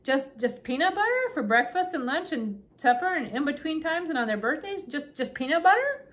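A woman's voice: a little high, expressive, fairly quick, close to an everyday voice. A woman voicing a curious, eager young girl who asks wondering questions.

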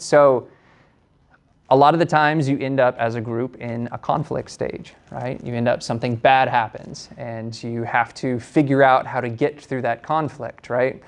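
A man's voice: medium pitch, gravelly. A young man giving a casual university lecture in a conversational, hedging way, checking in with frequent tag questions.

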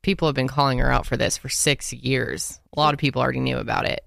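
A woman's voice: rumbling low, steady tone, fast talker, creaky, fairly bright tone. A woman co-hosting a gossip podcast, sarcastic and incredulous in casual chat. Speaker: podcast co-host.

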